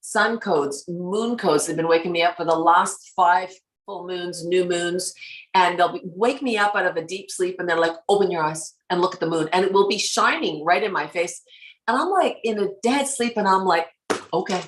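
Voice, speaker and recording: Woman, lower voice, casual spiritual chat, acts out dialogue, laughs often, echoey room. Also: moderate pace. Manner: animated storyteller, acts out quoted exchanges, laughs often. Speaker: spiritual guide and guest. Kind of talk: casual conversation. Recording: roomy echo.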